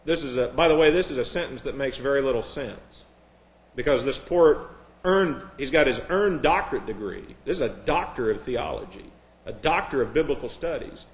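A man's voice: medium pitch, expressive, normal speed. A man preaching a sermon in a sarcastic, mocking way. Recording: echoey room.

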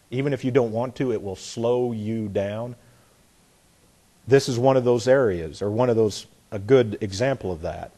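Middle-aged male Bible teacher, husky, animated delivery, folksy sermon style with read-aloud examples. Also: mid-range voice. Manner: folksy, repeats phrases, demonstrates by reading aloud.

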